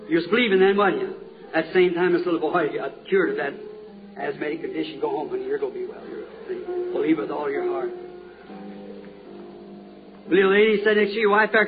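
A man preaching a healing revival sermon, fervently putting questions to the crowd again and again. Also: sits high. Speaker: evangelist preacher. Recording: tinny lo-fi old tape.

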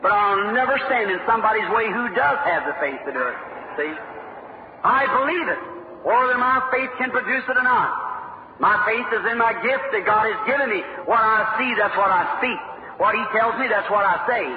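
Forties male revival preacher, fervent and high-pitched, old tinny recording in an echoing room. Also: expressive, moderate pace, noisy background. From American South-Midwest. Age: 40s. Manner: fervent storytelling, voices the people in his stories. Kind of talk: revival sermon. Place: church meeting hall.

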